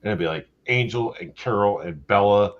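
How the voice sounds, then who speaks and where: Give me a man with a very low voice that swings widely in pitch, chatting and swearing on a stream. He talks in a loose, self-mocking, animated way. The sound is muffled and lo-fi. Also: a little fast. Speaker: livestream host. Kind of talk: casual chat. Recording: dull lo-fi sound.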